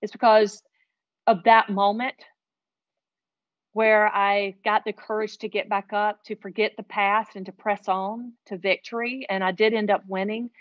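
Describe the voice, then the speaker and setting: A woman telling a heartfelt personal story as an interview guest, earnest and animated. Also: medium pitch, unhurried, no room sound, highs cut off.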